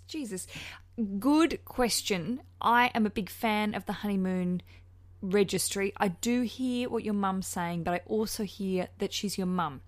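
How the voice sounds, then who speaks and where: A woman with a New Zealand accent hosting a podcast, chatty, gushing and frankly cheeky as she gives advice. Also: mid-range voice. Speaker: podcast host. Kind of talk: casual podcast chat.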